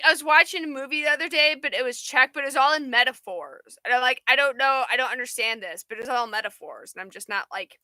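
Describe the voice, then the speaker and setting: A woman's voice: high-pitched, pushed and bright, no echo. A woman hosting a livestream, chatting in a rambling way and answering viewer comments. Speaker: livestream host. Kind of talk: casual live chat.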